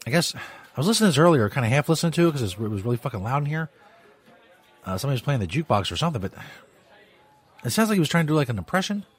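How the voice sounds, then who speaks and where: A man's voice: mid-range voice, sing-song, rapid-fire, long pauses, breathy edge. A man hosting a radio show, talking in a crude, rambling way with laughing asides. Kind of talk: crude casual live radio talk.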